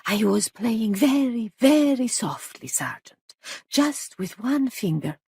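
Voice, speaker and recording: A woman voicing a sly gentleman who speaks slowly in a hushed, teasing way. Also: a little high, big pitch swings, creaky, breathy edge, no echo, voice pushed up, heavily acted.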